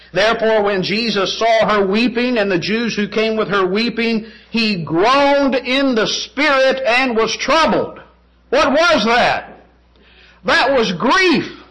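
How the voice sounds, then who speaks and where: A man's voice: very high voice, sharp tone, rough recording. A man preaching a sermon, emphatic, with rhetorical questions and repeated phrases.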